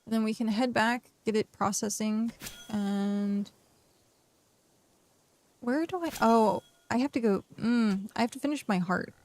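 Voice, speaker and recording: Tired, gravelly-voiced woman streamer. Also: on the high side, measured pace, pauses often, darkish tone. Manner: rambling, talks to herself and chat. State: tired, yawning. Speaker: game streamer. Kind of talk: casual live-stream chat while playing.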